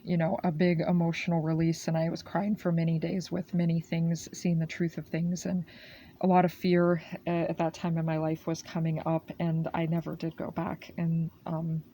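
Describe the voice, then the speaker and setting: Low, mellow woman doing an oracle reading. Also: monotone, normal speed, slight background noise. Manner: repetitive and earnest, with frequent "okay" tags and "beautiful soul" address. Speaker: oracle card reader. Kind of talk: spiritual channeled reading.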